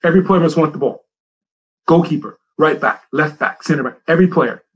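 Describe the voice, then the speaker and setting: A man's voice: fairly high pitch, brisk, husky, low-quality recording. A middle-aged man who coaches soccer, giving a presentation and telling stories, repeating his key phrases for emphasis.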